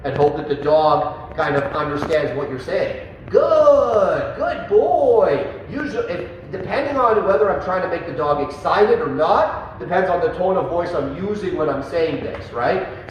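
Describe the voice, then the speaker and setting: Animated man explaining dog training. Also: fairly high pitch, normal speed, few pauses, distant mic, highs cut off, slight background noise. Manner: animated, acts out commands to dogs in a loud excited voice. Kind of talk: instructional talk. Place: dog training facility, indoors. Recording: echoey room, away from the mic.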